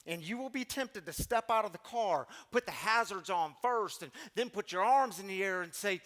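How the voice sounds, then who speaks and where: Speaking at a high pitch, animated and a bit bright, a middle-aged recovery community leader moves at a moderate pace with hardly any pauses. He delivers an earnest pep talk, acting out pleading lines with mounting intensity.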